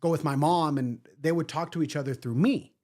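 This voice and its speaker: A man's voice: on the high side, brisk, darkish tone. A man talking as a podcast guest, who speaks emphatically and repeats key words for weight. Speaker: guest, event organizer. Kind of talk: casual podcast interview.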